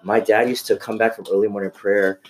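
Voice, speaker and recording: A comedian chatting casually, excitable and slangy, calling people dude and man. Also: on the low side, brisk, a little hiss or hum. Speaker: comedian guest. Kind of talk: casual chat.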